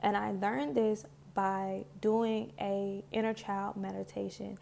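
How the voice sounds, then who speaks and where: A woman's voice: medium pitch, fairly even intonation, takes it slowly, creaky, a little mellow, slight background noise. A woman talking to camera about spiritual healing in a casual, heartfelt way, loose and full of "like"s, close to tears. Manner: earnest and heartfelt, loose with many "like"s. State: emotional, near tears. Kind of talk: casual reflective talk to camera.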